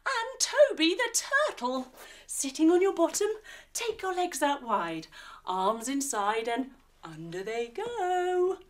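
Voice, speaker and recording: A woman's voice: sits high, sing-song, slow pace. A woman leading a kids' yoga session as a storyteller, playful, with sound effects and animal noises. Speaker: kids yoga teacher and storyteller.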